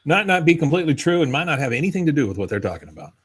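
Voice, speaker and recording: A man's voice: on the high side, very animated, rapid-fire, slightly rough. A man co-hosting a casual podcast, recapping scenes and reading out quoted lines with chuckles. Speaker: podcast co-host. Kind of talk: casual episode recap chat.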